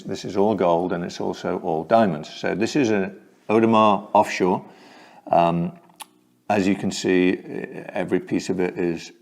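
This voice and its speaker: Deep gravelly man showing off watches. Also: darkish tone. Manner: slow, hesitant, full of ums. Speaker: watch collector. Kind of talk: casual show-and-tell vlog.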